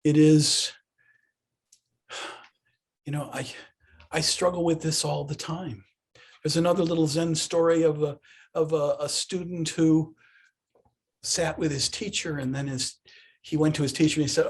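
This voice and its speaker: Male Buddhist teacher, fairly high husky voice, hesitant reflective delivery. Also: steady tone, unhurried, pauses often. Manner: reflective, hesitant, with many restarts. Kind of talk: dharma talk.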